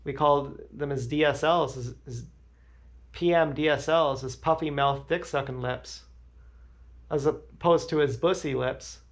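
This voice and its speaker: Gravelly man rambling crude stories. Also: on the high side, unhurried. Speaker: livestreamer. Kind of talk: rambling livestream storytelling.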